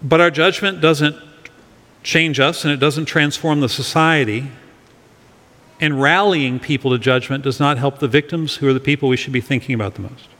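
A man's voice: medium pitch, normal speed, fairly bright tone, long reverb tail. A middle-aged male pastor giving an earnest sermon to his congregation, leading them in reading a verse aloud. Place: church sanctuary.

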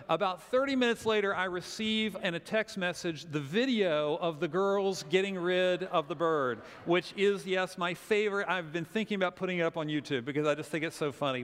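A middle-aged man preaching a sermon, telling a family story in an animated way and acting out the quotes. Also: a little high. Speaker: pastor. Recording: long hall reverb.

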